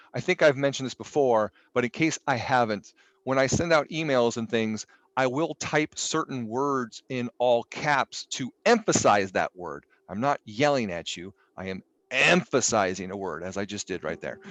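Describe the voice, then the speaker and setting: A man's voice: mid-range voice, no room sound. A middle-aged man teaching a statistics class online, casual and jokey with exasperated asides and mild swearing. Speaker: statistics instructor. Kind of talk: live online class lecture.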